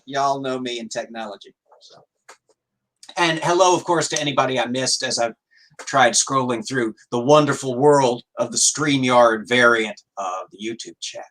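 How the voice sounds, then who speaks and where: A man's voice: medium pitch, normal speed, a bit bright. A man hosting a livestream talk show, greeting viewers in the chat. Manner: friendly, greets chat by name. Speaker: host.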